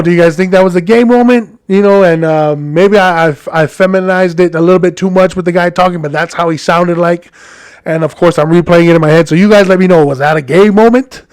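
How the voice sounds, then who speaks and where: A man's voice: high voice, dry recording, studio quality. A man with a Hawaiian accent telling a story as a podcast host, in a rambling, chatty monologue addressed to his listeners.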